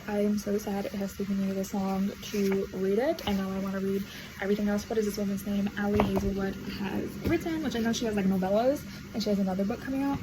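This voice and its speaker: A young woman vlogging casual reading updates, chatty and gushing, with lots of fillers. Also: medium pitch. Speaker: book vlogger. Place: at home while doing laundry. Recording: noisy home recording. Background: washing machine noise.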